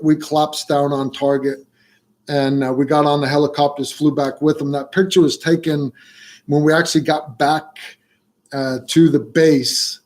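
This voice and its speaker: Unhurried middle-aged man telling stories. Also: a little high. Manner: relaxed storytelling with frequent fillers. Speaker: livestream host answering viewer questions. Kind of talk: casual livestream chat.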